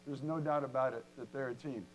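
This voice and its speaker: A man's voice: medium pitch, fairly quick, poor audio. A man, a company co-founder, telling jokey stories in a talk to an audience at a university event. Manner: animated, jokey storytelling with laughs. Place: lecture hall at a university event.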